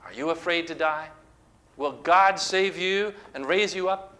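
Bright, emphatic male preacher. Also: fairly high pitch, a little slow. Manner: dramatic, emphatic storytelling. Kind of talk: sermon.

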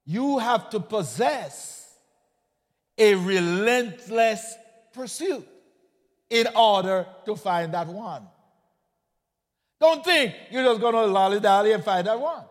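A very high-voiced man preaches slowly, his pitch swinging widely as he asks the congregation questions. He repeats single words and climbs to shouts to stress a point. His voice carries a long reverb, as in a large hall. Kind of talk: sermon.

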